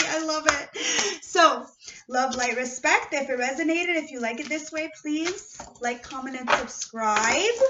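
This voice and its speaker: A woman's voice: high voice, a bit bright. A woman giving a casual tarot card reading with a non-native English accent, chatty and often checking in with her listeners. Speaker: tarot reader. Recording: distant, dull, noisy home recording.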